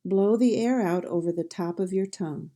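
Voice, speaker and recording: A woman with a Midwestern American accent teaching pronunciation, sounding out each phoneme and word carefully in a slow drill. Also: lowish voice, mellow. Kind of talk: slow instructional speech drill.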